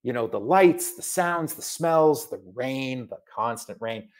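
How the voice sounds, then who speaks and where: A middle-aged man from Massachusetts, an author chatting in an interview, animated and full of asides. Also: mid-range voice, measured pace. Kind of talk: casual video interview.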